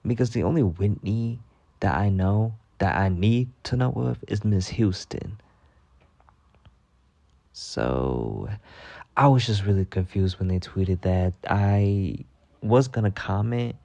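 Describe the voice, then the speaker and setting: A man's voice: very animated, slow, creaky, mellow, no room sound. A man telling a gossipy work story in a casual monologue, acting out other people's lines. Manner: chatty, gossipy, acts out quotes with rising pitch. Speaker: storytelling vlogger.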